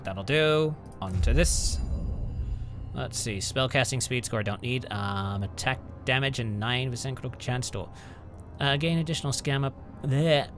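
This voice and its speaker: A man talking his way through a game at his home computer, in casual let's-play commentary. He chats along and reads item stats aloud as he goes. Game music plays clearly behind his voice. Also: mid-range voice, a little slow. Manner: chatty, reads out item stats, mutters at enemies. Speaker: gaming channel host.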